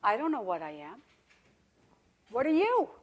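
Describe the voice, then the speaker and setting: Storybook rabbit: a blind male, soft, earnest, a bit high, a woman doing him. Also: wildly swooping pitch, unhurried, heavily acted.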